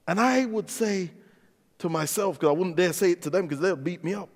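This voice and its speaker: A man with an English accent preaching a sermon as a pastor, telling stories in an animated way and acting out the dialogue. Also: sits high, brisk. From England. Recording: long reverb of a large hall.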